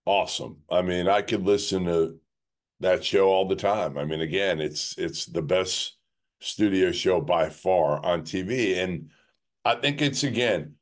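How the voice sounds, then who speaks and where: A man co-hosts a sports podcast in a low, somewhat slow voice. His casual talk rambles, packed with "like" and restarted sentences.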